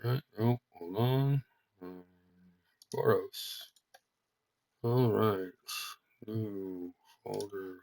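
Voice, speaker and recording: A man's voice: lowish voice, extremely slow, pauses often. A man talking casually to his stream, cursing heavily and stammering when worked up, then muttering to himself as he works at his computer. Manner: mutters quietly to himself while using the computer. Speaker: streamer working on a worldbuilding project. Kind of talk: casual solo stream talk.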